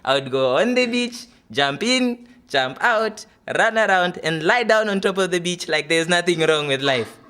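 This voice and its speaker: A man's voice: high-pitched, lively intonation, moderate pace, few pauses, bright, forceful tone, smooth, pitched above the performer's own voice. A man voicing a proud older Italian father in a put-on Italian accent, telling a long rambling story. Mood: boastful.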